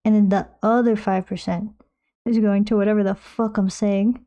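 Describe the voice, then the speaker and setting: A woman's voice: medium pitch, fairly even intonation, normal speed, warm tone, muffled recording. A woman streaming while she paints, chatting in a rambling, jokey way and slipping into silly voices. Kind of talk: casual chat while painting.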